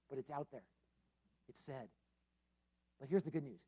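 A man preaching a sermon as pastor, swinging between loud emphasis and soft low tones, with casual asides like "man" and "uh". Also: fairly quick, long pauses, slightly rough.

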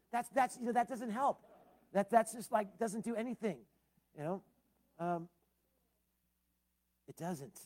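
A man's voice: sits high, expressive, normal speed, pauses often, a little mellow. Middle-aged male pastor, easygoing teaching sermon, plain-spoken with chatty asides. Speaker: preacher. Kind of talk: conversational Bible-teaching sermon.

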